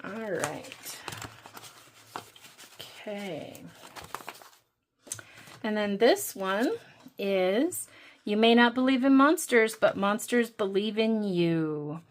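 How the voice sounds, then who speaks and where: Woman host, budgeting vlog, unhurried chatty delivery, counts under her breath, faint background noise. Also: mid-range voice, expressive. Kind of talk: casual chat while doing savings challenges.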